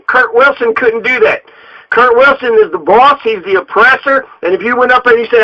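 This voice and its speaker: A man's voice: very high-pitched, lively intonation, moderate pace. Profane man in a heated rant. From Colorado. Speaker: local political candidate. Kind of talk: angry political rant. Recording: dull lo-fi recording.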